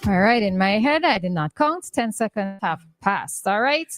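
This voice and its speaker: A woman's voice: mid-range voice, lively intonation, normal speed, music in the background. Chatty Vincentian woman radio host. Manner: chatty, laughs often, gives call-in number. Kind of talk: morning call-in radio chat.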